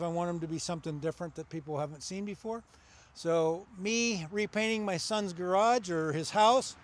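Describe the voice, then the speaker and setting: High-voiced plain-spoken man outdoors. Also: slight background noise. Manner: plain-spoken, rambling, repeats himself. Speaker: YouTube maker showing his firewood stand. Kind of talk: casual walkthrough vlog. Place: outdoors by a roadside stand.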